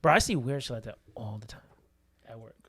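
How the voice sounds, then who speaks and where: A man hosting a casual podcast, telling a story with lively delivery and frequent laughs. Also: mid-range voice, fairly quick, breathy edge. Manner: animated storyteller, laughs often. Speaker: podcast host.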